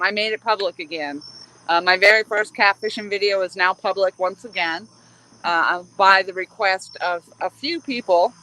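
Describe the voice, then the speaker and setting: Out of breath, a woman hosting a fishing livestream chats casually and rambles cheerfully from a riverbank at dusk, crickets audible outdoors. Her mid-range voice is bright and forceful, though the audio quality is poor.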